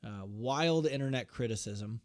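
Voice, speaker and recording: A man's voice: medium pitch, measured pace, darkish tone. A man co-hosting a casual podcast, reading out his notes with fillers and the odd swear. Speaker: podcast co-host.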